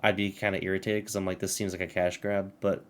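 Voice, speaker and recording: A man's voice: low voice, little pitch movement, quick pace. A young man ranting casually to camera about games, angry and swearing, laughing as he reads aloud. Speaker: gaming commentator.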